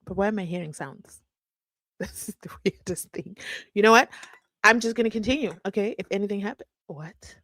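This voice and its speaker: A woman's voice: medium pitch, moderate pace, fairly bright tone, no echo. Chatty woman hosting a livestream. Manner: chatty, reads viewer comments aloud, laughs often. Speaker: livestream host. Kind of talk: casual livestream commentary. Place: at home.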